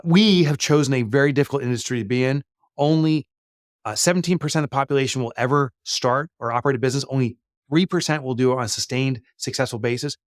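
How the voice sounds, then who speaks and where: A middle-aged man talks through his answers in an easy, rambling way, full of little fillers and restarts. His voice sits at an ordinary pitch. The recording is close and dry, with no room sound. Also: dry recording. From United States. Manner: chatty, frequent fillers and restarts. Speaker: guest, business author. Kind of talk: conversational interview answers.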